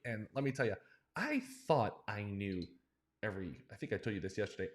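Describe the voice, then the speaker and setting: A man hosting a casual real estate news livestream, upbeat and chatty, often asking viewers questions. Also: lowish voice. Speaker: host of a real estate investing news show.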